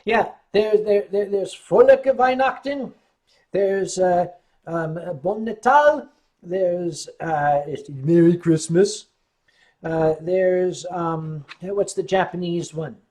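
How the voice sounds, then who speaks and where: A man's voice: high voice, takes it slowly, darkish tone. Casting: tipsy male streamer, wry, rambling, reads chat aloud. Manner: wry, joking, rambling storyteller. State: tipsy from wine. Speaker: livestream host reading chat. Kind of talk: casual chat on a livestream.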